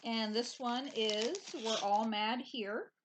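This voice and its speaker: A woman in relaxed, rambling casual chat who teases her friend. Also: a little high, takes it slowly, very noisy. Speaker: host.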